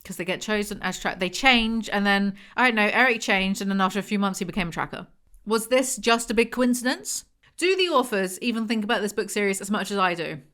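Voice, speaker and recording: A woman's voice: mid-range voice, expressive, a little fast, a bit bright. A young woman, reading a novel aloud and breaking off for sarcastic, mocking commentary. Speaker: book reviewer.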